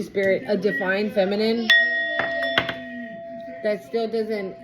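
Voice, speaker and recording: A woman's voice: mid-range voice, rough recording. A woman giving a casual tarot reading, blunt, emphatic and full of swearing. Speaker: tarot reader.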